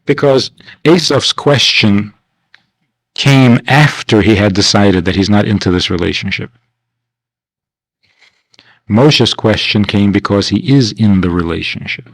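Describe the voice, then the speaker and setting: Male rabbi lecturing a class, conversational, acts out quoted voices up high; 1990s class recording. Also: unhurried, pauses often, low-quality recording. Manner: conversational, rhetorical questions.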